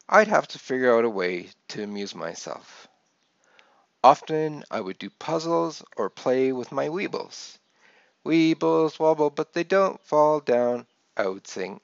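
A man reads from his memoir slowly, his gravelly voice rising and falling with lively pitch. The recording is dry and a little dull, with no room sound around him. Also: dry recording. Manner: gentle storytelling, lively voices for quoted people. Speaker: author reading his book. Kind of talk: memoir reading.

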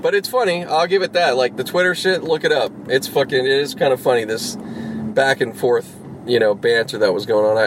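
A man's voice: mid-range voice, noisy background. A man ranting casually, swearing often and rambling through half-finished thoughts. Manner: profane, rambling, exasperated. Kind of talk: casual rant.

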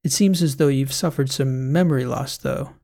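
Male reader as a steady, coaxing doctor in a sci-fi audiobook, gravelly tone. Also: medium pitch, normal speed, natural voice. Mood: patient. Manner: patient, coaxing. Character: calm male hospital doctor, patient. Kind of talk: audiobook character voice.

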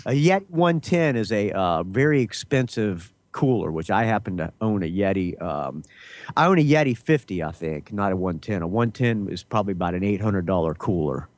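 A man's voice: lowish voice, animated, moderate pace, darkish tone, no echo. A man co-hosting a casual podcast chat, offhand and opinionated. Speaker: podcast co-host.

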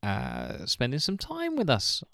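A man's voice: mid-range voice, wildly swooping pitch, a little slow, vocal fry, pushed and bright, no room sound, clean studio sound. A man hosting a comedy podcast, chatting casually with lots of fillers and laughter. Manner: rambling, laughs often, many fillers. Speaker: podcast host. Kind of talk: casual chat.

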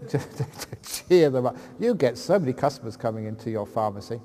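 A man's voice: medium pitch, expressive, moderate pace, warm tone. A man who is a Buddhist monk, answering audience questions with jokes and anecdotes. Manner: joking, anecdotal storyteller. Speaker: Buddhist monk giving a dharma talk. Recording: long hall reverb, faint ambient noise.

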